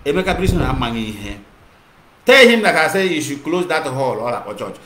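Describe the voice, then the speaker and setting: An activist broadcaster with a Nigerian Igbo accent delivers an impassioned monologue, mixing English and Igbo and repeating himself. His voice is on the high side, very animated and brisk, recorded in an echoey room with clear noise.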